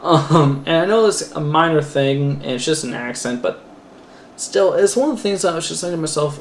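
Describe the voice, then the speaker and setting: A man's voice: on the high side, moderate pace. Rambling young man reviewing a movie. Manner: rambling, many fillers and self-corrections. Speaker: student film reviewer. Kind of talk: casual spoken movie review. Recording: roomy echo, faint background noise.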